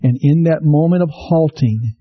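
Earnest preacher, man with a higher voice. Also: normal speed. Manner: earnest preaching with repetitions and rhetorical questions. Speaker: pastor. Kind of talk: sermon. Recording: slightly dull low-fidelity recording.

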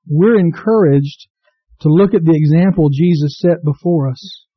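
Male pastor, high voice, impassioned sermon delivery, muffled dry recording. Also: measured pace, slightly rough, no echo. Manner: impassioned preaching, rising to cries; reads scripture aloud to the congregation.

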